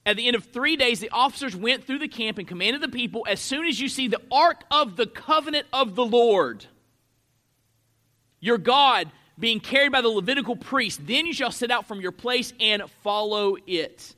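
A man preaching in a very high, sharp voice. He reads the passage and teaches from it, swelling on single words, then dropping back to let them land. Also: lively intonation, moderate pace. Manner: emphatic, stretches key words with sudden swells in loudness. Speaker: pastor. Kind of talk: expository sermon.

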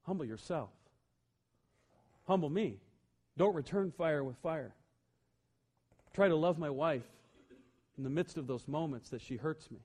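A man preaching a sermon as pastor, telling humorous personal stories and swinging from loud emphasis to quiet, earnest asides. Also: on the high side, animated, unhurried, long pauses, breathy edge.

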